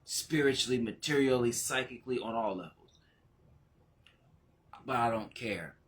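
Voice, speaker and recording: A man talking casually as a spiritual teacher. He gets excited, laughs, and jumps into high exclamations, then slows and goes quiet when he turns reflective. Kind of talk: casual spiritual vlog talk.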